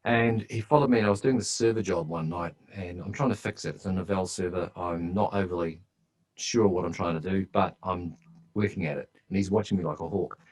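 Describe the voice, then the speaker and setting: Deep-voiced man telling stories chattily. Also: brisk, a little mellow, rough recording. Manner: chatty, enthusiastic anecdote-telling. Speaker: guest speaker. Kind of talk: podcast interview storytelling.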